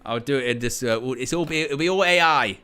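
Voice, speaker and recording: Bright-voiced guy hosting live stream. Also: medium pitch, a little fast, clear, resonant tone. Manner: chatty, rambling, jokey and sarcastic, often laughing. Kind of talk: casual live match-day stream chat.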